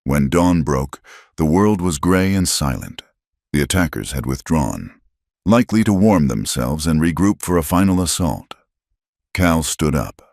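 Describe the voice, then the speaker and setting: A man narrating a western story in a grave, measured scripted telling. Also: very deep voice, animated, darkish tone, no echo, clean studio sound.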